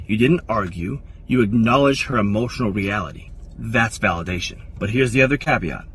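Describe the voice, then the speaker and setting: A man's voice: fairly low pitch, a little fast, fairly bright tone. A man giving firm, didactic relationship advice in a recorded clip. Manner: firm and didactic, acts out quoted lines. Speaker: relationship coach. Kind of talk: instructional monologue in a clip. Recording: slightly distant with faint background noise.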